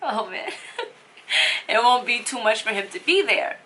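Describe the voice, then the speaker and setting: A woman's voice: a little high, big pitch swings, a little slow, pushed and bright. A young woman telling a personal story on her vlog, emotional and rambling with lots of fillers. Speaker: vlogger.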